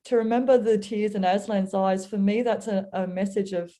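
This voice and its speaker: Woman guest, warm mellow tone, earnest storyteller sharing a reflection on faith. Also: mid-range voice, fairly even intonation, normal speed. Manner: earnest, storytelling, acts out voices. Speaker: guest speaker.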